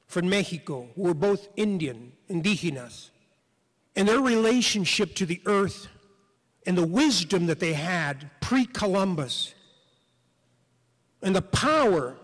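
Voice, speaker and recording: A man's voice: high voice, animated, slow, long pauses, a bit bright, slightly rough. A middle-aged man, an author, telling a reflective personal story in an earnest way, stumbling over repeated words when moved. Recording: music bed under the voice.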